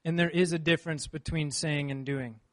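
A man preaching a sermon, reading scripture and then telling a personal story in an earnest, animated way. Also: fairly high pitch, fairly quick.

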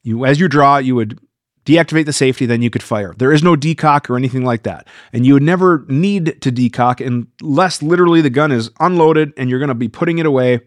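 A man's voice: medium pitch, fairly quick, dry recording, clean studio sound. A man hosting a live viewer Q&A stream, talking casually and getting worked up as he rambles. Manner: animated, gets worked up and rambles.

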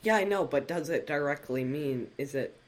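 A young woman co-hosting a podcast in casual chat, giggly and jokey, quick to argue a point. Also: low voice. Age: young adult. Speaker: podcast co-host.

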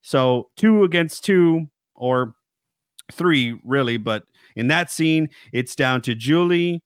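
A man's voice: a little high, animated, takes it slowly, smooth, no room sound, clean studio sound. A man co-hosting a horror film podcast, talking casually and animatedly, laughing often and breaking into quoted voices. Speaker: podcast co-host. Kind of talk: casual chat.

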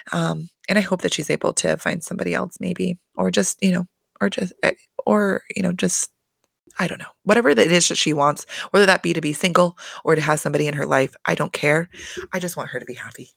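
Gravelly, bright-voiced woman recapping gossip. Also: on the low side, dry recording. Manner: chatty, profane, filler-heavy, exasperated. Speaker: reality TV recap host.

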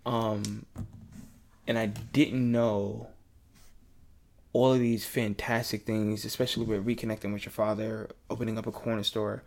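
A man hosting a podcast in casual chat, earnest and swearing freely, getting loud when he's excited. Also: fairly low pitch, normal speed, gravelly. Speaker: podcast host.

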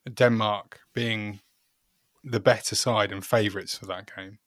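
A man's voice: on the low side, fairly even intonation, fairly bright tone, no room sound, clean studio sound. A man, co-hosting a casual football podcast, chatty and given to long explanations. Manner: chatty, laughs often, drawn-out explanations. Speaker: podcast co-host.

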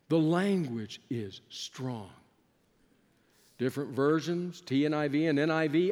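A male preacher giving a sermon, swinging between loud rising questions and hushed, near-whispered lines. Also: on the high side, a little slow, long reverb tail.

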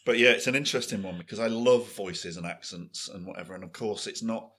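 Bright, husky northern English man. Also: on the low side, quick pace. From northern England. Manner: sweary, joking, breaks into mock voices. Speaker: podcast host. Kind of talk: casual chat. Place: upstairs in a small cafe.

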